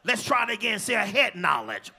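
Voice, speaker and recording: Singsong high-voiced preacher man. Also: big pitch swings, fairly quick, vocal fry, sharp tone, breathy edge. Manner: call-and-response preaching, sings phrases. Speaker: pastor. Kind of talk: sermon. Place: large church. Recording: live church stream with music behind.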